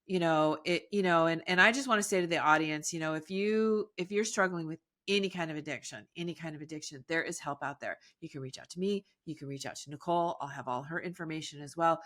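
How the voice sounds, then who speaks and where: Bright, effusive woman podcast host. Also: low voice, quick pace, hardly any pauses. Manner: enthusiastic, effusive, laughs easily. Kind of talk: casual interview chat.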